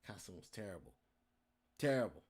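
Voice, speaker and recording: Young dude podcast host, lowish voice, swears a lot, chatty and animated telling stories to y'all. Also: male voice, brisk, husky. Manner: animated, profane, addresses listeners as y'all. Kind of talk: casual storytelling.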